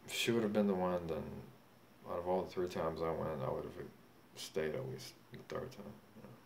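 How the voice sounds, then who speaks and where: Speaking at a moderate pace in a low-pitched, gravelly voice, a young self-styled boxing champion vlogger delivers a casual, drunken monologue, boasting, rambling and swearing. Faint noise sits in the background.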